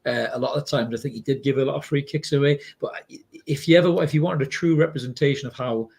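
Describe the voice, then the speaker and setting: Husky fast-talking man. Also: mid-range voice. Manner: excitable, swears freely, reads out viewer comments. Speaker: podcast co-host. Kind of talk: casual match reaction chat.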